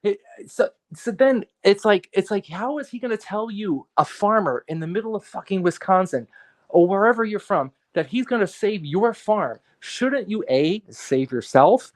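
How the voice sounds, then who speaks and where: A man's voice: high-pitched, normal speed. Ranting man on a podcast. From New York area. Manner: animated, profane, ranting with repetitions. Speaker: guest artist and photographer. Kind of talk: casual podcast conversation.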